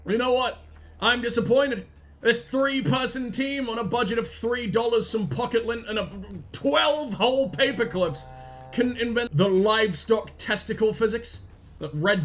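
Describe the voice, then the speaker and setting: A man giving sarcastic, profane let's play commentary as a gaming streamer, jumping into high yelps. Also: normal speed, fairly bright tone.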